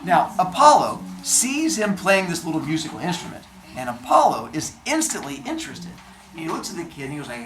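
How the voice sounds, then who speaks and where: Woman, low voice, lively swinging pitch, playful storyteller, roomy distant sound, faint noise. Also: fairly quick. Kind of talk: animated storytelling for children.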